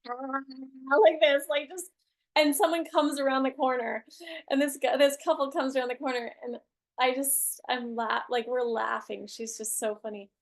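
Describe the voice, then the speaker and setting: A woman's voice: high voice, fairly even intonation, moderate pace, vocal fry. A woman hosting a group class on a video call, chatting casually and telling a story with lots of laughter. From Utah. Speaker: group coaching class host.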